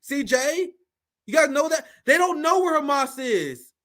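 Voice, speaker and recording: A man's voice: very high voice, animated, a little slow, sharp tone. A man hosting a reaction commentary stream, talking bluntly with profanity and mockery. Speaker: political commentary host.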